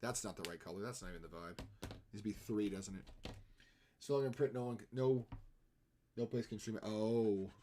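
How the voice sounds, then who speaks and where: A man's voice: lowish voice, normal speed, long pauses, warm tone, a little hiss or hum. Chatty, laughing male livestreamer. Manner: rambling and chatty, laughs often. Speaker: livestreaming artist. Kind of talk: casual chat while drawing on a live stream.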